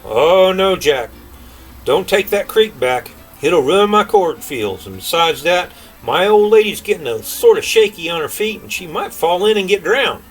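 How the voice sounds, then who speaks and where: An older grandfather reading aloud, voicing a slow-witted old male giant in a drawling folksy way. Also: high voice, sing-song, breathy edge, soft background music, voice pushed up, exaggerated voice, low-quality recording. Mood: pleading.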